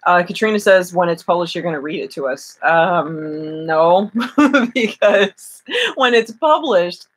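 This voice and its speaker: A woman's voice: lowish voice, expressive, measured pace. A woman chatting on a live stream from home, giggly and rambling, with many fillers and restarts. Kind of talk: casual live-stream chat.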